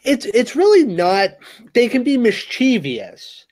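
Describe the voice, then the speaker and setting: A man's voice: extremely high pitch, wildly swooping pitch, takes it slowly, a little mellow. A man co-hosting a casual podcast, explaining things steadily with lots of "you know" fillers. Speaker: co-host.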